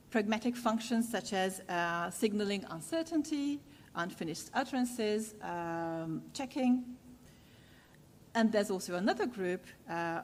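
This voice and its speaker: A woman's voice: mid-range voice, slight background noise. Woman lecturing in a reverberant hall. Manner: measured, with frequent "uh" pauses. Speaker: university lecturer. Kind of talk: academic lecture.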